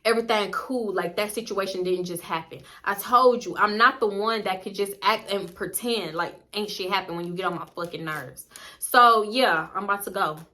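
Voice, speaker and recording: A young woman vlogger telling a story in blunt, profane, animated casual chat. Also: mid-range voice, normal speed.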